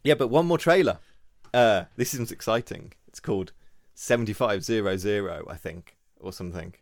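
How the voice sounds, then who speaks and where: A man, chatting casually and telling rambling, animated stories as a podcast co-host. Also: lowish voice, moderate pace, dry recording, clean studio sound. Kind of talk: casual chat.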